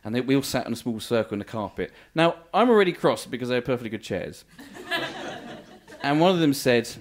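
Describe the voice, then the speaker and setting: A man doing stand-up comedy storytelling, animated and self-mocking, laughing through his lines. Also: medium pitch, a little fast.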